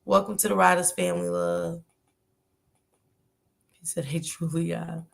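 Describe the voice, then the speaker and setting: Chatty woman hosting a livestream, gravelly. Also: lowish voice, flat delivery, unhurried. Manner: chatty, greets commenters by name, slangy. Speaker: livestream host. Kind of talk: casual livestream chat greeting viewers.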